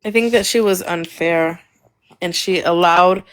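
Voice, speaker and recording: A woman's voice: on the low side, a little slow, a bit bright. A woman guest on a livestream, earnestly explaining and defending her views at length.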